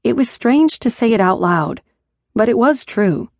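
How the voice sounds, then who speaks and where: A woman narrating a first-person audiobook in a measured, even storytelling manner. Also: a little high, vocal fry, no room sound, clean studio sound. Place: studio booth. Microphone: close studio mic.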